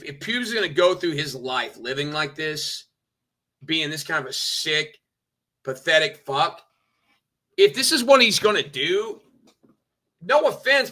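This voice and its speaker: A man's voice: a little high, bright, forceful tone. A man streaming, ranting with petty indignation, swearing and mocking others. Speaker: streamer reacting to clips. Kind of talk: ranting commentary.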